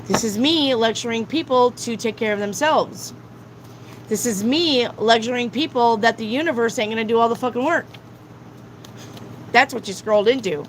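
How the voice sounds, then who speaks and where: A woman's voice: on the high side, normal speed, slight background noise, poor audio. A woman tarot reader on a live stream, lecturing her viewers bluntly and swearing often.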